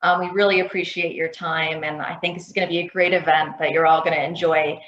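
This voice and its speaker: A woman's voice: sits low, little pitch movement, fast, a bit bright. Polite woman co-moderator, echoey call. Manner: polite, with frequent ums. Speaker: attorney, co-moderator. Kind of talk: panel introductions. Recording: roomy lo-fi call audio.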